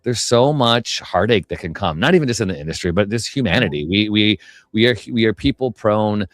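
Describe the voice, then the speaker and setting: Deep-voiced man hosting a podcast. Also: animated, fairly quick, dry recording, clean studio sound. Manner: affirming, reflective. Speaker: podcast host. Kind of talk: casual podcast conversation.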